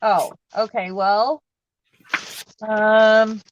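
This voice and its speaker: A woman's voice: medium pitch, flat delivery, extremely slow, noisy background. A woman chatting casually and teasing her co-host while she works on a craft project. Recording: dull dry lo-fi sound.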